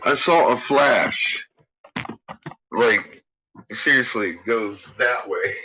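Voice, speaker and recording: A man's voice: drawn-out words, bright, forceful tone. A man vlogging casually from home, rambling and swearing as he chats. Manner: rambling, swearing, talks to his dogs in a high teasing voice. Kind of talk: casual home vlog chat. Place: home with barking dogs. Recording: dull lo-fi home recording with clear background noise.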